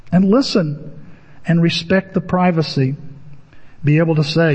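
A man's voice: a little high, normal speed, pauses often, a little mellow. A man preaching a sermon, telling stories with animation and acting out his own inner voice. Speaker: pastor. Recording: dull lo-fi audio with long hall reverb.

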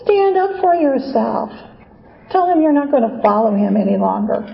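A woman's voice: on the high side, very animated, normal speed, vocal fry, echoey room, highs cut off. A woman reading the lines of a male personification of resentment in an accusing, goading way.

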